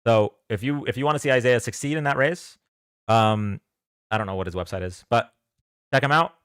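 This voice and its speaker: A man's voice: medium pitch, brisk, a bit bright, clean tone, no room sound, studio quality. A young man hosting a casual livestream, chatting loosely and thanking viewers for donations as he goes. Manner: chatty, thanks donors, reads chat aloud. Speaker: livestream debate host.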